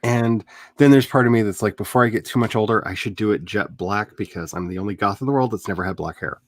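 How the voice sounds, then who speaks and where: A middle-aged man hosting a writing livestream, chatty and animated, with quick laughs and dramatic asides. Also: on the low side, no echo. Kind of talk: casual livestream chat.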